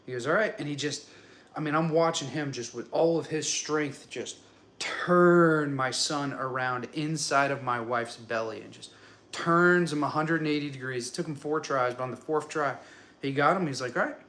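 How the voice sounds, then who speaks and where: A man in his thirties telling the story of his son's birth in a casual, animated way, acting out what people said and chuckling often. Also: fairly high pitch, normal speed, a little hiss or hum.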